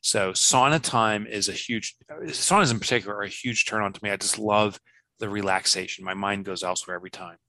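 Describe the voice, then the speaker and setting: A man in his fifties, a business author guest, chatting casually in an interview and acting out quotes with lively swings of voice. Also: on the low side, a little fast, no room sound. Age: 50s. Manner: animated, laughs easily, acts out quotes.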